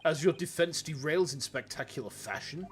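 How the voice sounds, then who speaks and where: A man's voice: on the high side, expressive, normal speed, slight background noise, natural voice. A man playing a stern, samurai-like male prosecutor who speaks in a grave, old-fashioned, cutting way. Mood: scornful.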